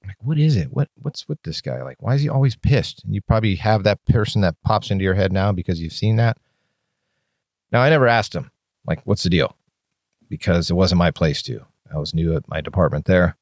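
A man with a low, deep voice talks straight to the listener in a solo podcast. He is blunt and candid and swears casually as he rambles through his thoughts. The recording is dry and close. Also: brisk, no room sound. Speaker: podcast host and firefighter.

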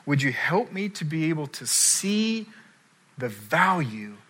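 A middle-aged man preaching a sermon as pastor, telling the story in a lively way and acting out the people he quotes. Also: on the high side, takes it slowly, breathy edge. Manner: animated storytelling, acts out quoted voices.

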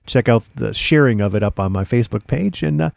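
A middle-aged man talks close to a studio mic as a radio host. His voice is gravelly and the sound is dry. He rambles with slang and fillers and gets excited in bursts. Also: medium pitch, a little fast, dry recording. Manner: excitable, laid-back hipster slang, many fillers. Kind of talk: casual radio show patter.

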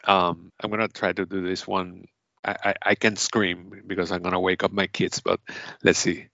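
A man's voice: sits low, flat delivery, normal speed, gravelly, sharp tone, muffled recording. A man hosting a casual quiz, upbeat and laughing often. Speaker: quiz host.

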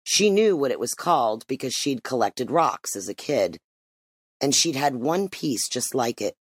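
Expressive storybook narrator, dry close sound. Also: medium pitch, measured pace, breathy edge, dry recording. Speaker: audiobook narrator.

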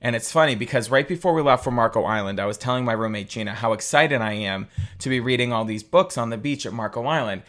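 Candid, animated young man telling a story. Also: mid-range voice, quick pace. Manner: candid, animated, swears freely. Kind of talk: casual storytelling monologue.

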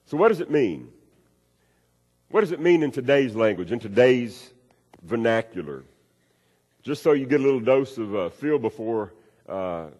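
A man's voice: fairly low pitch, darkish tone. A man preaching a sermon, folksy and storytelling, repeating his key phrases. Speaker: pastor. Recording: long reverb of a large hall.

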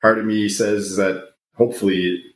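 Male immunologist guest, very low voice, hesitant; roomy remote audio with faint hiss. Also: level tone. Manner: hesitant, measured, many fillers. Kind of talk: casual panel discussion.

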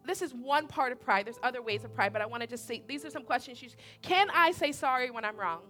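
Bright high-voiced woman preaching. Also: fast, soft background music. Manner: animated, conversational, repeats points, asks audience questions. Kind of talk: sermon.

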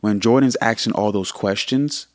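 Man, low voice, earnest, animated, casual podcast talk. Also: normal speed, no room sound, clean studio sound. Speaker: podcast co-host.

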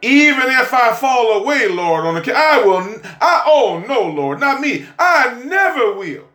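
A man's voice: very high voice, big pitch swings, unhurried, sharp tone, reverberant, pitched above the performer's own voice, exaggerated voice. A man preaching acts out Peter, a boastful disciple who gets defensive and insists on his loyalty. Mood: pleading. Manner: pleading, then snapping in anger.

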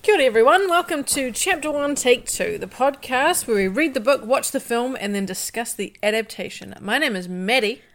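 A woman hosts a relaxed podcast chat about a book and its film. She talks casually, stopping now and then to correct herself. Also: a little high, normal speed, hardly any pauses. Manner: chatty, self-correcting. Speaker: podcast co-host.

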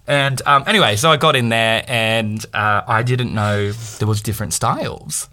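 A man's voice: mid-range voice, moderate pace. A man in his thirties, a podcast co-host, telling a personal story in casual chat and acting out the people in it. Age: 30s. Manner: animated, acts out quoted voices.

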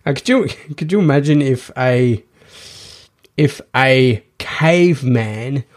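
A man's voice: medium pitch, animated, slow pace. Rambling man hosting a podcast. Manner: rambling, many restarts and fillers. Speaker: podcast host. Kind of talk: casual monologue.

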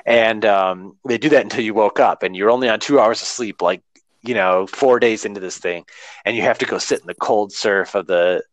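Man, earnest rambling talker, lowish voice, dry close sound. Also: normal speed, no echo. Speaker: runner talking about training. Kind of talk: casual podcast conversation.

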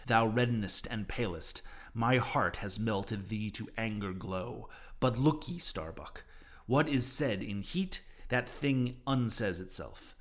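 A man voicing an obsessed, vengeful old male sea captain in a fervent, declaiming way. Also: lowish voice. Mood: persuasive.

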